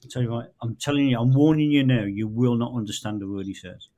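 A man's voice: medium pitch, fairly even intonation, fast, dark tone. A man on a casual football podcast, chipping in with dry teasing remarks. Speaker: podcast guest. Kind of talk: casual chat.

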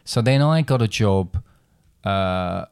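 A man's voice: lowish voice, animated, slow pace, vocal fry, a little mellow, smooth, dry recording, studio quality. A middle-aged man with an Essex accent, co-hosting a podcast and telling stories in a rambling, self-interrupting way. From England. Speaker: podcast co-host. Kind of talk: casual chat.

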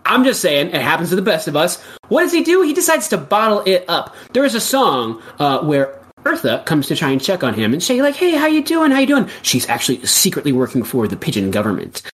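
Animated deadpan comedy improviser. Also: medium pitch. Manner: animated, deadpan asides, quick jokes. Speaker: comedy improviser pitching a musical.

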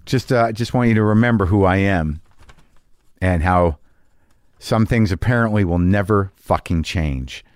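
A man's voice: low-pitched, measured pace, clear, resonant tone, no room sound. A man hosting a podcast from a garage studio, telling a rambling, self-deprecating story with plenty of swearing. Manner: profane, self-deprecating, restless. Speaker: podcast host. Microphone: studio mic with headphones. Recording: dry, close studio sound.

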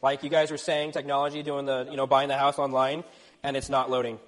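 A young man from Texas, serving as youth pastor, preaching a lively, joking sermon in a church. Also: mid-range voice, a little fast. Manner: energetic, joking, playful asides. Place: church sanctuary. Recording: reverberant church hall.

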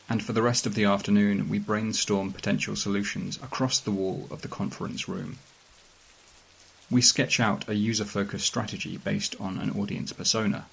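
A man reading a strange first-person story aloud in a calm, dry, measured way. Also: on the low side, gravelly, husky, poor audio. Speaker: narrator. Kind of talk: scripted narration of a weird fiction story.

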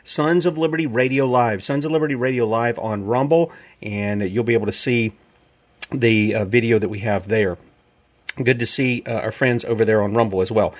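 A man hosting a radio show, talking through his announcements in a loose, rambling way. His voice sits at a middle pitch, and he laughs easily. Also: normal speed.

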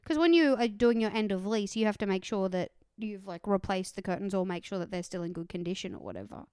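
A woman chatting casually as a podcast co-host, telling anecdotes with lively, indignant retellings. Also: mid-range voice, quick pace, smooth, dry recording, clean studio sound. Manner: animated storytelling, voices her own anger loudly. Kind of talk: casual chat.

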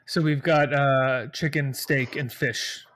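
A man's voice: medium pitch, fairly even intonation, slow pace, a bit bright. A man co-hosting a podcast, talking enthusiastically and casually about films. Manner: enthusiastic, lists titles and dates. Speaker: podcast co-host. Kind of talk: casual film discussion.

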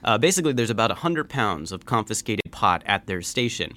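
Lively, joking male podcast co-host. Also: on the low side, brisk. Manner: joking, reads news stories aloud. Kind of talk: casual news chat.

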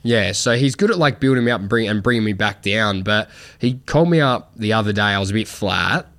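A young man with a lowish voice, hosting a podcast in loose casual chat. He rambles through fillers and restarts and swears freely as he talks. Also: brisk, fairly bright tone. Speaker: podcast host.

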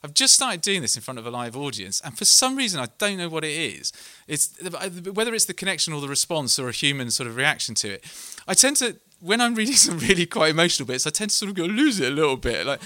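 A middle-aged man from England gives an earnest, self-deprecating talk and reads from his book to a live audience. His voice is bright and lively, rising and falling a lot. The sound is close and dry. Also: a little high, fast talker, hardly any pauses, no echo. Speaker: author giving a book talk.

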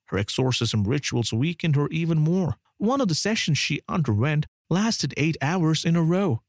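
A man giving a dramatic documentary narration in an expressive, swooping delivery. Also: mid-range voice, no echo, clean studio sound.

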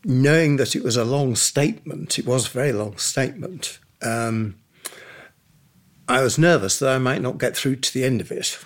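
An older man recalling hard times in an interview, emotional and halting, with repeated words and pauses. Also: mid-range voice, animated. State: emotional, near tears.

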